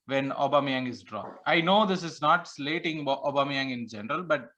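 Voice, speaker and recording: Bright-voiced earnest podcast man. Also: medium pitch, expressive, normal speed. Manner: earnest, repeats himself for emphasis. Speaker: podcast co-host. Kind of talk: casual fan podcast chat.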